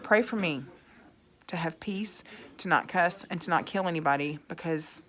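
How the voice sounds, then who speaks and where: A woman's voice: fairly low pitch, normal speed, fairly bright tone. A woman, ranting angrily in a vlog, swearing and sarcastic as she reads out her own texts. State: angry. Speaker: vlogger. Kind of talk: angry rant reading out texts.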